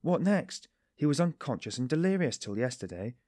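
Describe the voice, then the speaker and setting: A man reading an audiobook, voicing an excitable young male friend who bursts out high and loud. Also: normal speed, dry recording, studio quality. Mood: excited.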